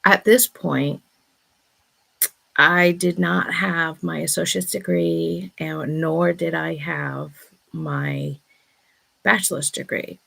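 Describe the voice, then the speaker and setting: Testing a new microphone, a woman in her thirties hosts a casual vlog and breathlessly retells a personal story, exclaiming "oh my God" again and again. Her deep voice is slow and creaky, with a fairly bright tone.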